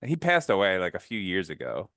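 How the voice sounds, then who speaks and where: A man's voice: deep voice, wildly swooping pitch, a little fast, fairly bright tone, no room sound, clean studio sound. A man from the northern US playing in a tabletop game, chatty and laughing often. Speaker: player.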